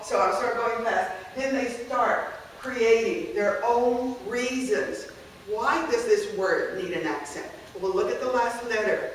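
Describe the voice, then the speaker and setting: A woman's voice: a little high, slight background noise. A woman giving a workshop talk as a university Spanish instructor, explaining step by step and often checking in with "okay?". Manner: explanatory, frequent checking okays, mixes in Spanish phrases. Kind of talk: workshop presentation. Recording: echoey room, speaker far from mic.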